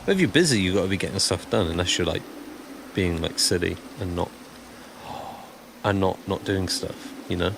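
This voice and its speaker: A man's voice: deep voice, animated, normal speed, creaky, long pauses, noisy background. A man chatting casually and rambling on a live stream while he builds, answering chat as he goes.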